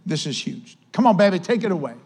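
A man's voice: sits high, lively intonation, fast, darkish tone, breathy edge. A man in his fifties, a grandfather and pastor, leading a fervent church prayer and introducing the sermon. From United States. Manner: fervent, repetitive prayer with rising emphasis.

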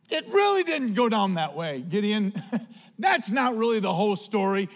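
Pastor guy preaching, high-pitched voice, gets loud and animated acting out what people say. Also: normal speed. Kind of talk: sermon.

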